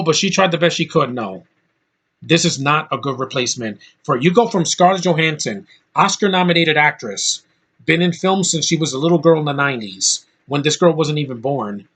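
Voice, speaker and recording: A man's voice: a little high, fairly bright tone. A man giving a blunt, ranting movie review in casual speech, with lots of fillers and restarts. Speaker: film reviewer.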